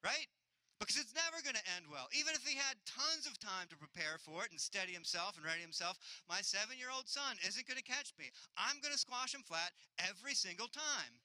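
Bright, crisp-voiced man preaching. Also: high-pitched, expressive, fairly quick, few pauses, dry recording, rough recording. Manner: earnest, builds with repetition, acts out voices. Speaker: pastor. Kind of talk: sermon.

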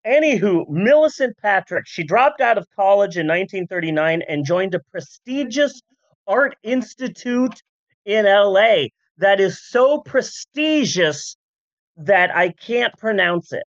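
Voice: medium pitch, animated, a little slow, dry recording, highs cut off. A podcast host telling history in a rambling, jokey way, full of asides and silly voice bits. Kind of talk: comedic history podcast chat.

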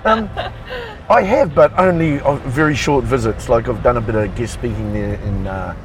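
A man's voice: medium pitch, normal speed, poor audio. A New Zealand man co-hosting, chatting casually and jokingly in a car, with hesitant restarts. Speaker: co-host. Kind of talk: casual chat. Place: in a car on the road.

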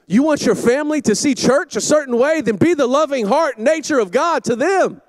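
Campus pastor, man, middle-aged; high voice, lively swinging delivery, shouts in his stories. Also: dry recording. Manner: animated storytelling with shouted asides. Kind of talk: sermon. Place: church auditorium.

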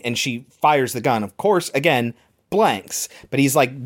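A podcast co-host recaps a movie in a casual chat, animatedly retelling its scenes and laughing often. His voice is mid-range and animated, and he speaks a little slowly.

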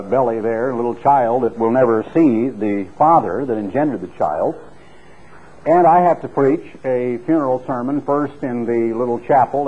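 Earnest male preacher on tinny radio. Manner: earnest, storytelling, rises in pitch for emphasis. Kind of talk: sermon. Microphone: clip-on microphone. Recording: tinny phone-like radio recording.

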